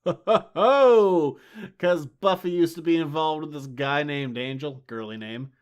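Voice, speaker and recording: A man's voice: a little high, steady tone, clean tone. Sarcastic, exasperated man recapping comics. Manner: sarcastic, exasperated, does quick character voices. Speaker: podcast co-host. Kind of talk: casual comics recap chat.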